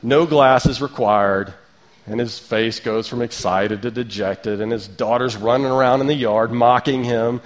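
A man in his thirties giving a sermon, relaxed and conversational, with rhetorical questions and light asides. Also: mid-range voice, unhurried. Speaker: preacher.

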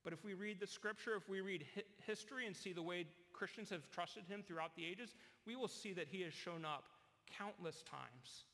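A man delivers an earnest sermon, telling stories and voicing the people in them. His voice is bright and forceful, sitting a little high for a man. The sound carries a long reverb, as in a large hall. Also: normal speed. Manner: earnest storytelling preacher. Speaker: pastor.

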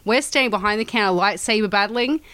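A woman's voice: medium pitch, fast talker. A woman in her thirties with an Australian accent, telling stories in casual chat, acting out the people she quotes and swearing freely. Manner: animated, acts out quoted voices, swears freely. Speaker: storyteller.

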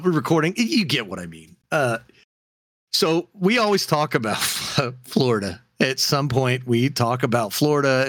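A man's voice: medium pitch, a bit bright, no echo. A man co-hosting a casual podcast, joking around, laughing often and slipping into silly voices. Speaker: podcast co-host.

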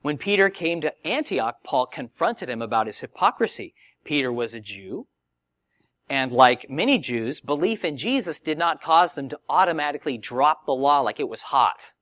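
A male preacher whose lively voice swoops widely in pitch, set fairly high for a man. He teaches in a conversational, animated way and speaks close to a dry microphone with no room sound. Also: moderate pace, dry recording. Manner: animated, conversational Bible teaching with acted quotes. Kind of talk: sermon.

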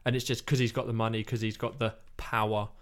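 A man's voice: on the low side, level tone, fast talker. A man in casual chat, retelling a film plot in a rambling way and acting out lines. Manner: rambling storytelling, acts out quotes.

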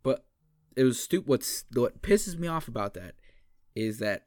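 A man's voice: medium pitch, sing-song, a little slow, a little mellow, no room sound. Rambling young man, dry sound. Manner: rambling, profane, restarts a lot. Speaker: podcast co-host. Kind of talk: casual chat.

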